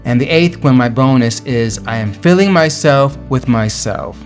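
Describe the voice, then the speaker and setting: A man's voice: medium pitch, normal speed, faint music behind. Earnest man giving motivational affirmations. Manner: earnest and encouraging, with emphatic rises. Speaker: vlogger sharing affirmations. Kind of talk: motivational talk to camera.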